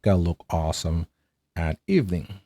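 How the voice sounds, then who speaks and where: A man's voice: deep voice, animated, normal speed, mellow, slightly rough, dry recording. A man casually reviewing an audio mixer, chatty and upbeat, often checking in with "right?". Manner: chatty, enthusiastic, fillers and rhetorical "right?". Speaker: tech reviewer.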